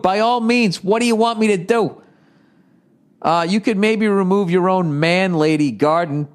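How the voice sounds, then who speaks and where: A man in his forties from the United States talks through a casual comedy podcast. His voice sits a little high for a man. He rambles, swears and sounds exasperated as he riffs. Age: 40s. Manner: rambling, profane and exasperated, riffing off forum posts. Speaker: podcast host.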